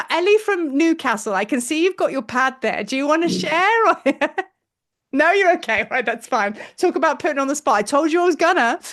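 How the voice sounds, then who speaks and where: A chatty woman leading a spiritual class over a video call. Her voice sits a little high and she gushes, laughing often and full of fillers. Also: fairly bright tone. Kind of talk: casual group teaching.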